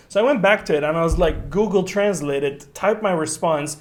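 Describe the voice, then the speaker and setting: Relaxed young man telling stories. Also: high-pitched. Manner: relaxed storyteller, dry jokes, quick asides. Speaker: podcast co-host. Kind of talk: casual chat.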